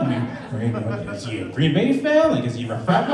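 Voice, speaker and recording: A man's voice: medium pitch, huge pitch swings, brisk, few pauses, a little mellow. Man doing stand-up in an echoey club. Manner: loose, conversational, acts out voices. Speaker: stand-up comedian. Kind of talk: stand-up comedy set. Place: comedy club stage. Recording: roomy club sound from far off. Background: audience laughter.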